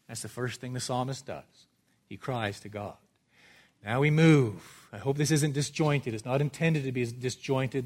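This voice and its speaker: A man from Canada preaching a sermon as pastor, with dramatic swings from a hushed, quiet delivery to loud, urgent emphasis. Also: medium pitch.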